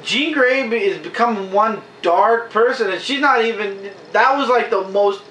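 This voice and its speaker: Bright, high-voiced man reviewing comics. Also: far from the mic. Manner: enthusiastic, acts out comic dialogue in quick quotes. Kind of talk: casual review chat. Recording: echoey room, faint hiss.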